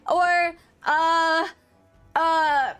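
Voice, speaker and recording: A woman's voice: very high voice, fairly even intonation, extremely slow, a bit bright, faint music behind. A woman streamer giving casual, rambling commentary on a game, with restarts and swearing.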